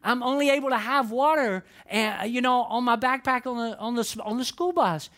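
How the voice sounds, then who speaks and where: A distressed four-year-old girl, solemn and pleading as she worries about breaking a rule, as a preacher puts her on. Her voice sits noticeably high. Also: normal speed, a bit bright, natural voice. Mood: upset. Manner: pleading, serious.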